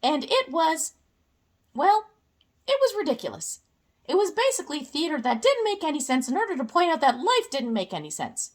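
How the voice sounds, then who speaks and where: A woman's voice: sits high, very animated, normal speed. A young woman giving a casual, playful explainer with jokey asides.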